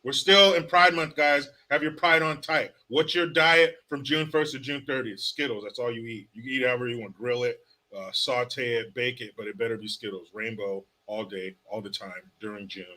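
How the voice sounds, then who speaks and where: A man's voice: mid-range voice, steady tone, moderate pace, pushed and bright. A man hosting a casual live stream, reading viewer comments aloud with joking, sarcastic asides. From California. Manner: joking, sarcastic, reads chat names aloud.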